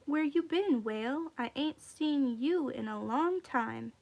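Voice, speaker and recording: A woman's voice: sits high, lively intonation, slow pace, vocal fry, lo-fi sound, exaggerated voice. A woman voicing a small, boastful male rabbit trickster who talks in a folksy, wheedling way. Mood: cocky. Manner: folksy dialect, wheedling and cocky.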